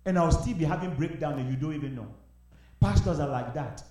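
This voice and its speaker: A young adult male pastor preaching a sermon, swinging between shouted exhortation and quiet confiding. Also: on the high side, lively intonation, brisk. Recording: echoey hall, voice from far off.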